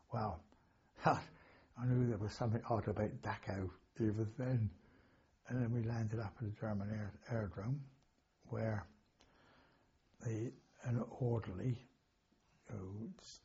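A man's voice: fairly low pitch, creaky, dark tone, highs cut off, slight background noise. An older man, recalling wartime memories in a rambling, anecdotal way with chuckles and self-corrections. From England. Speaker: interviewee, war veteran. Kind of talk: oral history recollection.

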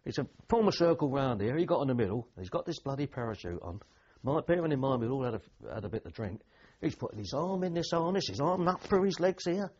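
A man's voice: medium pitch, big pitch swings, fast talker, darkish tone, slightly rough, muffled recording. An older man, a veteran telling rambling anecdotes with dry humour in an oral history interview.

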